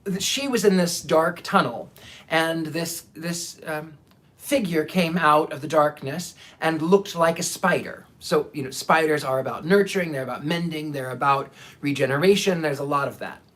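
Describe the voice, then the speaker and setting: A man, a psychic, telling stories in a casual, animated monologue, often repeating himself and acting out the people he quotes. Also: fairly high pitch, moderate pace. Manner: animated, repeats words, acts out quoted voices.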